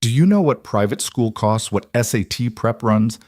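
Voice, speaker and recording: A man's voice: mid-range voice, lively intonation, moderate pace, darkish tone, dry recording, studio quality, lightly acted. A man voicing an exhausted, proud young working woman in a storybook reading, his voice raised for her. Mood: strained. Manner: strained, weary, defensive.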